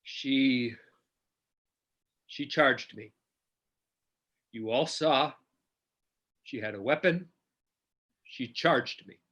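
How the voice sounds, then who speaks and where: A woman's voice: medium pitch, very animated, unhurried, bright, forceful tone, roomy sound, lo-fi sound. A woman voicing a male police officer in a play reading, speaking with menace and command. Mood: shaken.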